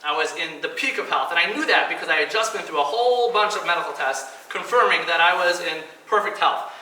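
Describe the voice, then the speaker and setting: A man's voice: fairly high pitch, fairly quick, bright, forceful tone. Earnest man speaking in an echoey hall. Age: 30s. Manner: earnest storytelling, acts out quoted voices. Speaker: speaker at a kidney donation event. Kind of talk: personal speech to an audience. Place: event hall. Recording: echoey hall, mic at a distance, faint noise.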